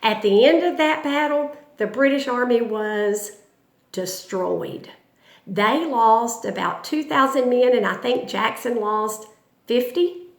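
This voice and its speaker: Woman teacher, higher voice, dramatic storyteller, echoey room. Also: animated, slow, creaky. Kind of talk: history lesson storytelling.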